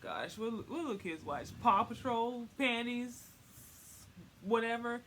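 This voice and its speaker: A woman's voice: fairly high pitch, animated, a little slow, a bit bright, slight background noise. Giggly young woman telling a candid story. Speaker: vlogger. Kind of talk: casual storytelling.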